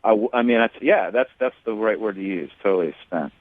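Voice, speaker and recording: A man calling in to a radio show, talking haltingly with many restarts and fillers. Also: on the low side. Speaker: caller. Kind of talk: phone call on a radio show. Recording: tinny phone line.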